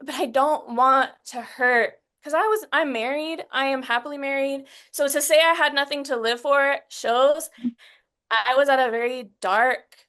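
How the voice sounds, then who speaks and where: Woman in her 30s on an interview, kinda higher voice, earnest and halting, lots of restarts. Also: fairly even intonation, fairly bright tone. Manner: gets emotional while recounting. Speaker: interview guest. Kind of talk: emotional personal interview.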